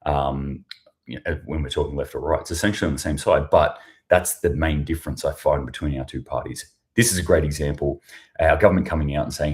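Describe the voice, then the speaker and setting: Briskly and in an extremely low, slightly mellow voice, an Australian news show host in prep mode runs an informal livestream from a hotel room. He wanders from topic to topic, sarcastic and freely profane.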